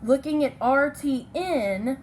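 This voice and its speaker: A female teacher walks children through a phonics lesson in a fairly high voice. She speaks slowly and patiently, stopping to check that they follow. A faint hiss of noise sits under the recording. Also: expressive, low-quality recording. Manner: patient, checks in with "okay?" and "right?"; apologizes for slips and corrects herself.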